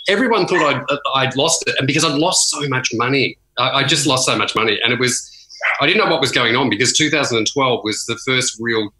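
A man from Australia, a podcast guest in casual chat, telling a story in halting, self-deprecating bursts with many restarts. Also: mid-range voice, pushed and bright, roomy sound, poor audio.

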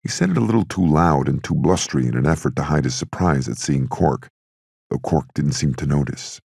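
A man narrating a crime novel audiobook in a steady, measured storytelling manner. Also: a bass voice, creaky, husky, no room sound, clean studio sound.

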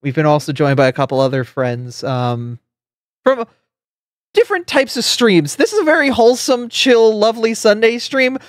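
A woman's voice: on the high side, lively intonation, moderate pace, no echo. Chatty woman streamer with a dry voice. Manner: friendly, rambling with fillers and repeated words. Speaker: streamer and host. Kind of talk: casual live-stream chat.

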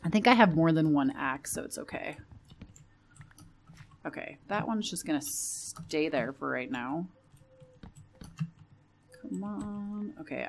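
A woman's voice: low voice, creaky, a little hiss or hum. A young woman giving casual commentary while playing a building game, chatty and nervous, often repeating reassurances to herself under her breath. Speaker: Minecraft let's play creator.

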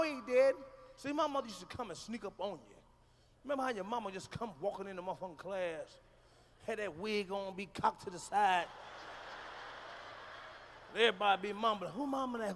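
High-pitched profane man doing stand-up. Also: slight background noise. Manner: loud, profane, shouting punchlines. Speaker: stand-up comedian. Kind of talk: stand-up comedy routine. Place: large concert hall with audience. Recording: live hall recording with reverb.

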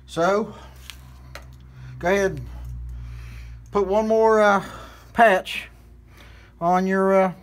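A hunting channel host from West Virginia, with a West Virginia accent, walks through a hands-on how-to demonstration, folksy and rambling with plenty of fillers. His voice sits high with fairly even intonation, extremely slow and often pausing.

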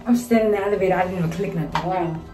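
A woman's voice: on the low side, racing, over music. Chatty woman vlogging outdoors. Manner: chatty, addresses viewers directly. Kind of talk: casual vlog chat. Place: outdoors walking on a windy street.

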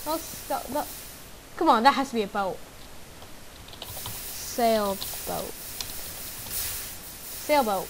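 A woman giving casual gameplay commentary, excitably guessing aloud and exclaiming at the game. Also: a little high, takes it slowly, pauses often, background noise. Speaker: gamer. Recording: background game music. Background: game music.

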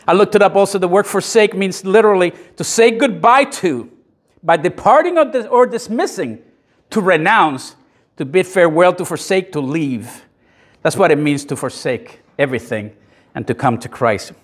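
Animated, high-pitched preacher man. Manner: animated and emphatic, pausing for congregation amens; conversational, with self-deprecating asides. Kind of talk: sermon. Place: church sanctuary.

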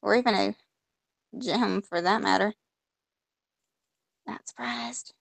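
A woman's voice: mid-range voice, slow pace, vocal fry, dry recording. A woman playing a point-and-click game, reading the on-screen text aloud and reacting with mock frustration as she goes. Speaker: gamer. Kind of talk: casual let's-play commentary.

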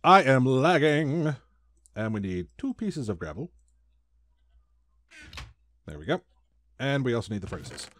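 A man's voice: medium pitch, very animated, measured pace, long pauses, a bit bright. A man hosting a Let's Play, chatting casually through his building and making silly sound effects. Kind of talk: casual gameplay commentary.

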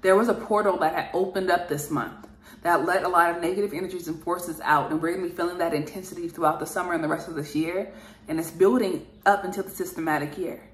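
A woman's voice: fairly low pitch, fairly even intonation, fast. Earnest woman channeling in a roomy echo. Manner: earnest, repetitive, emphatic; loose and rambling with fillers. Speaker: spiritual channeler. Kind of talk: channeled spiritual message monologue.

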